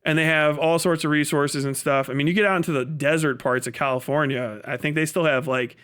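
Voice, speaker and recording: A man streaming live, ranting in a profane, fast-talking way. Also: on the high side, fairly even intonation, a bit bright, clear, resonant tone. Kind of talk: casual livestream rant.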